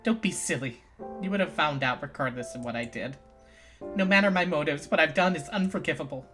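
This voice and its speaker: A man voicing a guilt-ridden young woman who speaks quietly and gravely, resigned to her fate. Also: on the high side, brisk, music in the background, close to an everyday voice.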